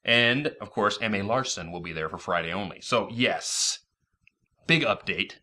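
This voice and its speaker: A man from Michigan who hosts a casual show, announcing news in an excited, rapid-fire way. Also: on the low side. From Michigan, USA. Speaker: podcast host. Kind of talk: casual chat and event announcements.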